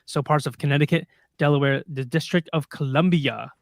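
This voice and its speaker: A man with a gravelly, slightly high voice co-hosts a casual livestream podcast, speaking fairly quickly and laughing often. He reads through a list of dates for upcoming sky events, in a clean studio recording with no echo.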